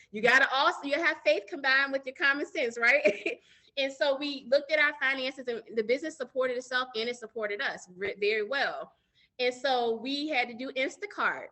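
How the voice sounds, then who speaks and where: Bright, high-voiced woman business owner. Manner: earnest, addresses listeners directly as y'all. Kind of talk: candid interview storytelling.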